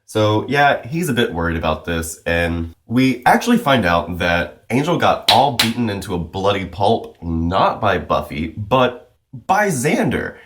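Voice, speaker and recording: Male comic reviewer, deep voice, relaxed rambling recap delivery. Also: measured pace, a little hiss or hum. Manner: loose and chatty, full of "like" and "you know". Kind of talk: casual recap chat.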